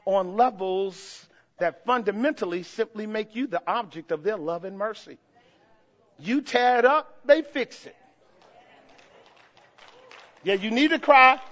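Impassioned high-voiced male preacher. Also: lo-fi sound. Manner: impassioned preaching that swings from soft asides to shouting. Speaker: pastor. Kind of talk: sermon.

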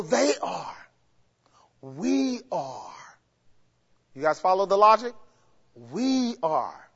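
High-voiced preacher teaching from the pulpit. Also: male voice, big pitch swings, takes it slowly, vocal fry, long pauses. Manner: asks the congregation questions and has them answer; explains grammar step by step, with emphatic rises. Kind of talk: sermon teaching. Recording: dull, lo-fi recording with long hall reverb.

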